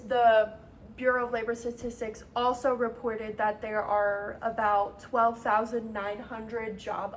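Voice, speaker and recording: A woman's voice: fairly high pitch, slight background noise, low-quality recording. Hesitant young woman presenting in class. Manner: hesitant, frequent ums and uhs. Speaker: student presenter.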